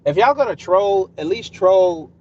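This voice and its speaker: A man's voice: sits high, animated, measured pace, a little mellow, recorded from a distance, lo-fi sound. A man hosting a casual live stream, talking straight to his chat in a combative, sarcastic way. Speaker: livestream host.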